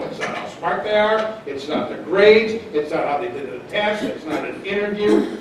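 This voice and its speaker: A man's voice: sits high, moderate pace, hardly any pauses, slight background noise. An older man from Minnesota, a public defender giving a blunt, folksy talk to an audience in a hotel function room. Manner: folksy, blunt storyteller with punchy asides. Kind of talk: lecture to a live audience. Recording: echoey room, speaker far from mic.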